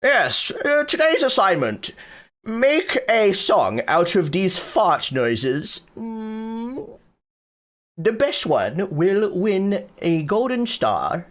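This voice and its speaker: Excitable music teacher who squeals at everything, put on by a man, pitched way up. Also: extremely slow, heavily acted. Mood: pompous. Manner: squealing, over-the-top amazement. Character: gushing, easily impressed male music teacher.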